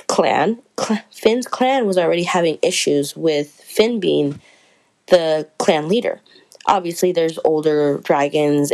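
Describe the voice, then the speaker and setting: A woman's voice: low-pitched, darkish tone, low-quality recording. A woman chatting casually through a book review, rambling and correcting herself as she goes.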